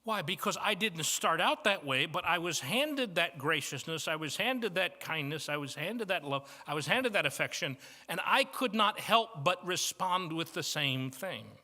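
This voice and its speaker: A Midwestern American man preaches a sermon in a church banquet hall, his slightly high, bright voice carrying a long reverb. He tells homely stories, dropping to quiet asides and then rising to emphatic points. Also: animated, normal speed, hardly any pauses. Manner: storytelling with shifts from soft to emphatic. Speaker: guest preacher.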